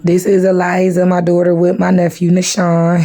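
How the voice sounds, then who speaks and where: A woman, chatting casually to her viewers in a vlog, tired and a little hoarse. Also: lowish voice, completely flat delivery, moderate pace, warm tone, slight background noise. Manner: chatty, addresses viewers as y'all. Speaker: vlogger.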